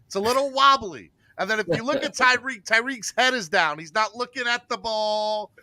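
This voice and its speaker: A man's voice: very high-pitched, normal speed, pushed and bright, no echo, pitched above the performer's own voice, exaggerated voice. A man doing an impression of a male football analyst who picks apart every small detail of a throw. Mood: picky. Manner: critical, methodical, finds fault in small details.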